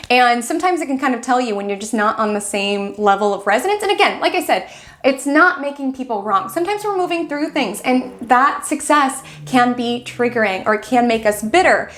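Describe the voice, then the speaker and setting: A woman's voice: fairly high pitch, expressive, brisk, a bit bright. A woman astrologer giving a casual weekly horoscope talk, chatty, acting out quoted friends and filling her speech with "like".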